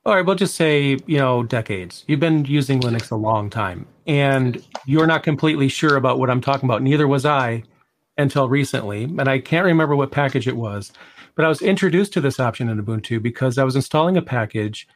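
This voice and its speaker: A man of average pitch co-hosting a casual tech podcast. He talks in a conversational, emphatic way. He often repeats a word or two as he gets a sentence going. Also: animated, fairly quick. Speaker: podcast co-host.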